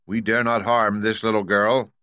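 The big, grave leader of the winged monkeys, as a male narrator puts him on speaks in formal, solemn tones. His voice is bright and forceful, and it is recorded dry and close. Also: on the low side, flat delivery, normal speed, no echo.

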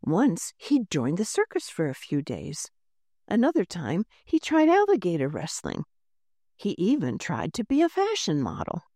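A woman narrating a children's storybook aloud with an expressive delivery. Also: on the low side, unhurried, no echo, clean studio sound.

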